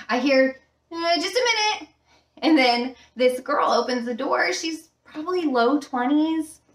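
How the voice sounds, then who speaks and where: A woman's voice: medium pitch, fairly bright tone, distant mic. Chatty woman, echoey room. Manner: chatty, with frequent fillers. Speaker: vlogger and former flight attendant. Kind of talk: casual storytelling. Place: room at home with a fish tank. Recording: roomy sound from the mic.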